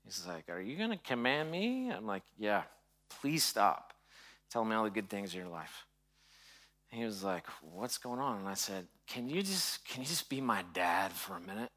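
A pastor in his forties giving a sermon, telling a personal story in a hushed voice and then preaching more loudly. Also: lively intonation, normal speed. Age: 40s. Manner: soft and hushed while telling a personal story, louder and higher when preaching.

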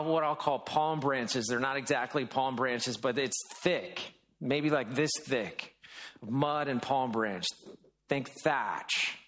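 Conversational preaching man, fairly high voice. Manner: conversational, animated preaching with many restarts. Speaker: pastor. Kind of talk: sermon.

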